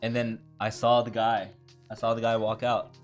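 A young man co-hosting a podcast, telling a funny story in animated casual chat. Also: lowish voice, normal speed, soft background music. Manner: animated, acts out what people did. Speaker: podcast co-host.

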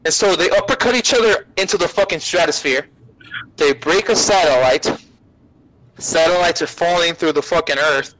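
A man guesting on a podcast, retelling an anime plot in a profane, rambling, animated way. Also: a little high, moderate pace, no echo, low-quality recording. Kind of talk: casual anime recap chat.

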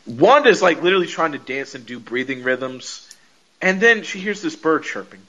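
Guy on a podcast retelling an episode, high voice, keeps laughing, super animated. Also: normal speed, highs cut off. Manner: animated storytelling, laughs often. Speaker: podcast host. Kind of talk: casual episode recap.

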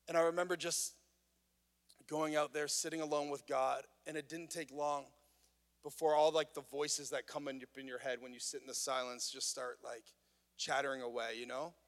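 A pastor speaks in a slightly higher man's voice, preaching in a conversational, earnest way that builds in intensity. His words ring out with the long reverb of a large hall. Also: little pitch movement, normal speed. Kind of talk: sermon. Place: worship venue.

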